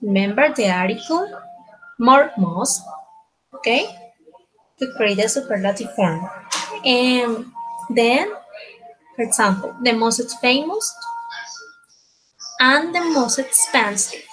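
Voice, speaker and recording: Woman teacher, measured unhurried delivery, keeps checking in with "okay?". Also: fairly high pitch, lively intonation, music in the background, poor audio. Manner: slow, repeats words, ends phrases with tag questions. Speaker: English teacher. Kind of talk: slow grammar lesson.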